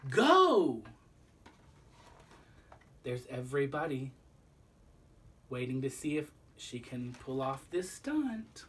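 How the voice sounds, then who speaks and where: A man reading a children's book aloud, pausing to explain the lesson to young listeners. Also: mid-range voice, expressive, darkish tone, distant mic, slight background noise. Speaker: storybook reader.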